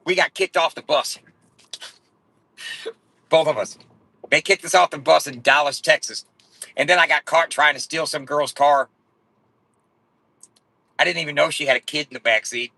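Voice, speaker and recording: A man's voice: on the high side, normal speed, vocal fry, long pauses, pushed and bright, poor audio. A man in his forties telling rambling, profane stories in a blunt way. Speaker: vlogger.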